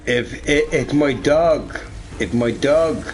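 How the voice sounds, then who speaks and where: A man's voice: medium pitch, lively intonation, slow, slight background noise. A man streaming a game, chatting casually with viewers in a rambling, profane, joking way.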